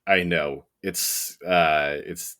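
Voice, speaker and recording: A man co-hosting a comics podcast in casual chat, relaxed and chuckling. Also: sits low, very slow, clear, resonant tone. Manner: relaxed, chuckling, many fillers. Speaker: podcast co-host.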